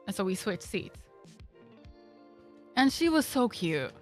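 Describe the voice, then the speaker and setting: A woman's voice: medium pitch, very animated, takes it slowly, faint music behind. A young woman streamer telling a casual story, rambling with lots of fillers and swearing freely.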